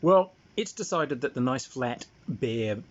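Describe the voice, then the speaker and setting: A man's voice: mid-range voice, animated, unhurried. A man telling a rambling, wry family anecdote in a casual way. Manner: rambling, wry, many fillers. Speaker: storyteller. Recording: dull lo-fi sound.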